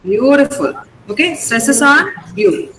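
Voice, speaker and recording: A middle-aged woman with an Indian English accent teaching pronunciation online, patiently repeating words slowly over a video call. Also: on the high side, animated, a crowd in the background, low-quality recording. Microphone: computer mic on a video call.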